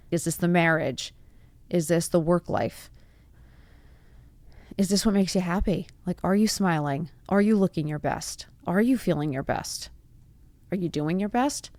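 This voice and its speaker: Woman host in her forties, earnest motivational monologue, lowish voice, dry close sound. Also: no echo. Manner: earnest, rhetorical questions, rising to emphatic bursts. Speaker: podcast host.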